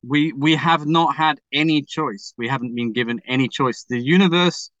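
A man's voice: mid-range voice, moderate pace, a bit bright, no room sound, muffled recording. A man from England with an English accent, a musician guest telling a personal story in a candid, emotional, rambling way with many restarts and some swearing.

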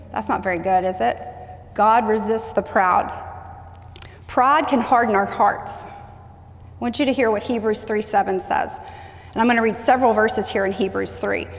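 A woman's voice: medium pitch, steady tone, moderate pace. A woman preaching a sermon, repeating key phrases and asking the congregation to say them back. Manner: call-and-response preaching, stressing repeated phrases. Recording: long hall reverb.

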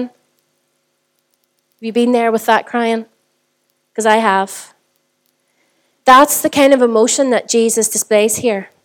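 Northern Irish woman pastor, slightly higher voice, chatty preaching style that keeps checking in with the room. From Northern Ireland. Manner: conversational, with frequent rhetorical questions to the congregation. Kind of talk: sermon.

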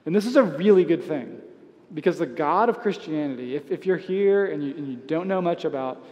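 A man preaching a sermon as pastor, conversational, with soft asides and light chuckles. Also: a little high, animated, brisk, big-room sound, lo-fi sound. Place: church sanctuary.

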